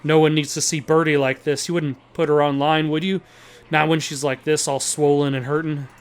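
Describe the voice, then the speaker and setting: Man voicing a gruff Southern farmer, middle-aged, blustering drawl, raised pitch. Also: little pitch movement, normal speed, close to an everyday voice. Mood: bitter. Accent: put-on Southern US.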